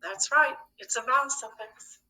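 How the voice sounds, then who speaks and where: Woman teacher, phonics lesson, slow and patient, bright voice, echoey room away from the mic. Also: sits high, distant mic. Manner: slow, patient, asks questions and answers them.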